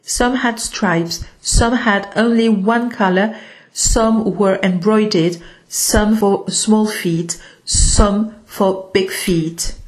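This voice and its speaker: A woman narrating a children's story in a gentle, unhurried reading manner. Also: medium pitch, fairly even intonation.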